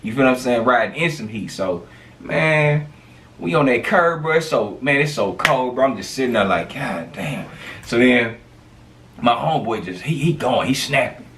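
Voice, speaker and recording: A man telling a street story in a casual, animated storytime monologue, full of slang and fillers. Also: mid-range voice, moderate pace, distant mic, a little hiss or hum.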